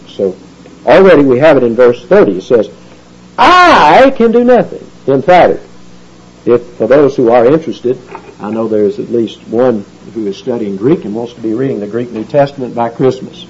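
Husky-voiced man teaching a Bible study. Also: medium pitch, fairly quick, warm tone. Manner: explanatory, folksy, with many fillers. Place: church or meeting room with a live audience. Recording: dull lo-fi recording.

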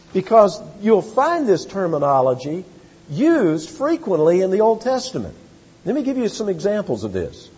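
A man preaching an expository sermon as pastor, emphatic, slowing down to stress key words and building to loud repeated phrases. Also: on the high side, breathy edge. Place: church sanctuary. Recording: lo-fi church hall recording with long reverb.

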